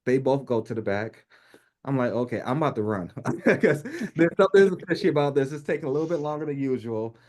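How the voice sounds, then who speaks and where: A man's voice: mid-range voice, a little fast. A man in his thirties from New York, telling a personal story in casual conversation, laughing often and acting out the voices of people he quotes. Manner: animated, laughs often, acts out quoted speech. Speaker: podcast guest.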